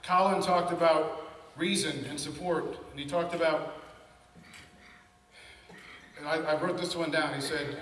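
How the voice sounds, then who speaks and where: A man in his fifties giving an animated, conversational talk to an event audience, telling personal stories. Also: on the high side, moderate pace, recorded from a distance. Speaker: panel speaker. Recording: echoey hall from afar, faint noise.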